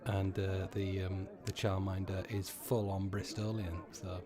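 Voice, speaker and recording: A man in his thirties hosting a live pub quiz, chatty and sweary, repeating each question slowly. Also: low-pitched, flat delivery, crowd noise.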